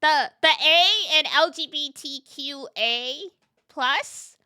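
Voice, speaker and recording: A woman's voice: high voice, slow, sharp tone, no echo. A woman game streamer in casual chat, talking to her viewers, laughing often and answering chat as she plays.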